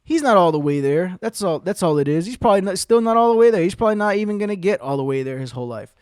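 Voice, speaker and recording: A man's voice: sits high, expressive, very fast, a little mellow, smooth, no echo, studio quality. A man hosting his own podcast, telling a rambling, heavily profane story and acting out what people said. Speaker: podcast host. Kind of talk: casual storytelling monologue.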